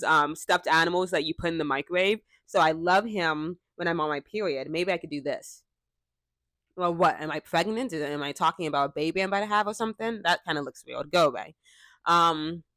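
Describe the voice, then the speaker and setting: A woman's voice: fairly low pitch, fairly quick, a bit bright, dry recording. A young woman hosting a casual podcast, chatting in a self-deprecating way and swearing offhandedly. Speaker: podcast host. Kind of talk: casual chat. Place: bedroom at home. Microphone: cheap clip-on microphone.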